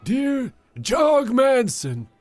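A man voicing a stately old headmistress slowly reading out a formal letter. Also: very high-pitched, huge pitch swings, dry recording, faint music behind, pitched above the performer's own voice, full character voice.

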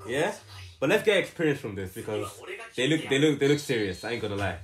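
A man co-hosting a casual group reaction to an anime, excitable and joking, with loud outbursts. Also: mid-range voice, fast. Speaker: reaction channel co-host.

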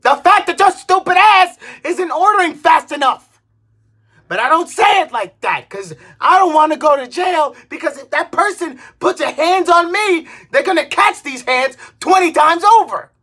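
A woman in her twenties, a vlogger, delivering an exasperated comedic rant, swearing and bursting into shouts. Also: very high voice, lively intonation, moderate pace. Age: 20s.

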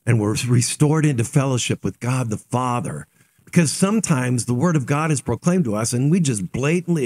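A male pastor giving a short devotional sermon in a conversational, animated way, dropping low and quiet when voicing repentance.

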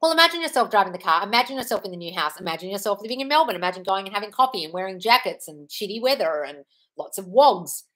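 A woman's voice: medium pitch, lively intonation, fast talker, fairly bright tone. A woman in her forties, a manifestation coach answering viewer comments on a live stream, blunt and profane, calling everyone darling. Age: 40s. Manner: blunt, swears freely, calls listeners darling.

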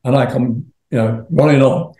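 A man's voice: medium pitch, steady tone, normal speed, warm tone, echoey room. An older man, a rock singer as interview guest, telling long rambling stories with laughs and swearing. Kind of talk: casual storytelling.

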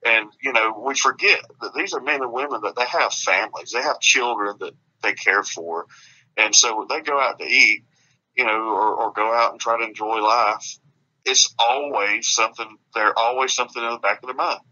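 A man's voice: medium pitch, moderate pace, bright, forceful tone. A man from Alabama, talking earnestly as an author in a casual radio interview, often restarting his sentences. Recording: dull lo-fi radio audio.

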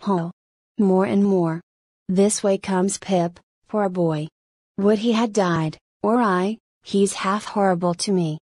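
A woman's voice: mid-range voice, steady tone, takes it slowly, darkish tone, breathy edge, no echo. A woman reading the part of a jaunty male sailor who rambles wryly to himself in an audiobook. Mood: musing. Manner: wry, rambling soliloquy.

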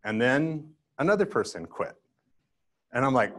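A man's voice: medium pitch, a little slow. An older man giving a conference talk, telling self-deprecating stories and acting out his younger self. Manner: self-deprecating storytelling, acts out his past self. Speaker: guest speaker.

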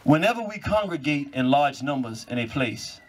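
A man giving an animated public lecture to a live audience, telling stories with mocking asides. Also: mid-range voice, moderate pace. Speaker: public speaker. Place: cultural venue before a live audience.

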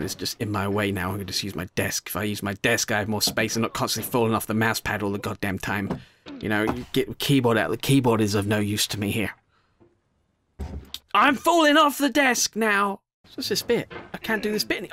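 A young man giving gameplay commentary as a YouTuber, muttering low rants, then swearing and shouting in bursts. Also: expressive, moderate pace, soft background music. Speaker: gaming YouTuber.

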